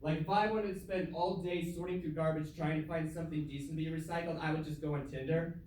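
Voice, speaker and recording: A man's voice: fairly high pitch, fairly even intonation, fast talker, a little mellow, a little hiss or hum. A young man performing a casual, self-deprecating stand-up comedy set in a comedy club, laughing at his own jokes. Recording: echoey room heard from far off.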